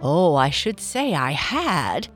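Small chatty toy doll, girlish and cheerful, put on by a woman narrator; quiet music bed. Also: sits low, sing-song, takes it slowly, full character voice. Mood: eager. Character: sweet, chatty little female sawdust doll. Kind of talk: storybook reading.

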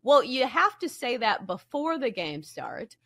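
A woman's voice: a little high, sing-song, unhurried, fairly bright tone. A woman hosting a sports betting show, arguing her point with emphasis. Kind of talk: opinion commentary.

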